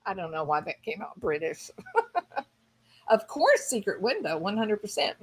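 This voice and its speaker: A woman's voice: medium pitch, sing-song, normal speed, pauses often, breathy edge. A woman streamer casually chatting with her viewers, rambling and thinking aloud with enthusiasm. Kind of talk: casual chat.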